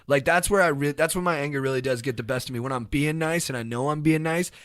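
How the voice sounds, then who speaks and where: A young man, a podcast co-host, telling a casual story in an animated way, sometimes shouting when acting out the scene. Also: fairly high pitch, quick pace, clear, resonant tone, dry recording, studio quality. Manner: animated, bursts into shouted reenactments.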